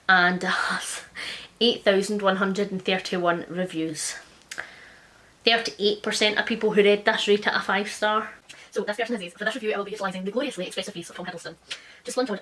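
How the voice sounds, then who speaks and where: A woman book reviewer in a casual vlog, blunt, sarcastic and sweary, who reads quoted reviews out fast and quietly. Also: mid-range voice.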